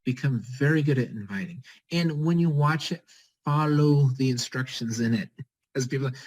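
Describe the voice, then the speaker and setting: An energetic man at a mid pitch, rallying his team on a group call. He talks fast and repeats short commands again and again to push his listeners into action. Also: low-quality recording. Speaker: team leader on a network-marketing call. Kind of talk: motivational pep talk on a group call.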